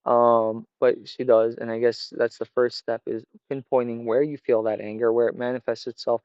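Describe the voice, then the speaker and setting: Male vlogger, mid pitch, halting thoughtful monologue, lo-fi muffled audio. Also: level tone, smooth, no echo. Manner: rambling, hesitant, many fillers and restarts. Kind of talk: casual reflective monologue. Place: outdoors by a fire. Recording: dull lo-fi sound.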